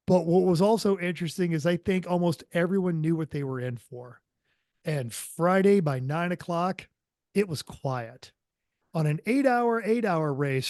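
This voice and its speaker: A man co-hosting a motoring podcast in a loose, rambling way, stopping often for fillers and little asides. His voice sits a bit high for a man. It sounds close and dry, with no room around it. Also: darkish tone, no echo. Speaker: podcast co-host. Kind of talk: casual chat.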